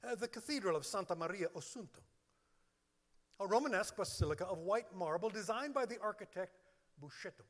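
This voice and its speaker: A man's voice: high-pitched, expressive, a little fast, fairly bright tone. A man preaching a sermon as pastor, stressing long lists of words one at a time. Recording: long hall reverb.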